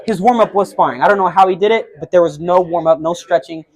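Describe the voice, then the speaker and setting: This is a young man with a fairly high voice, talking quickly in a casual interview. He tells his story in an animated way and plays out the voices of the people in it. He sounds like a boxer recounting a sparring session. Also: rough recording. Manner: animated, acts out quotes of others while telling a story. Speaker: boxer and guest.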